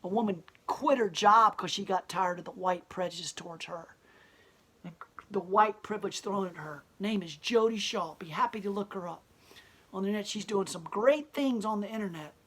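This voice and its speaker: Husky-voiced blunt, defiant woman. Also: mid-range voice, normal speed, fairly bright tone. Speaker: gallery owner and protester. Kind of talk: impassioned interview monologue.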